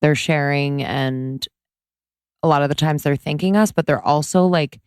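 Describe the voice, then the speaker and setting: A woman co-hosting a podcast, talking casually in a relaxed way with frequent "like"s. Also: low voice, moderate pace, clear, resonant tone, dry recording, studio quality. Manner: laid-back, frequent likes, supportive backchannel. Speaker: podcast co-host. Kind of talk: casual chat.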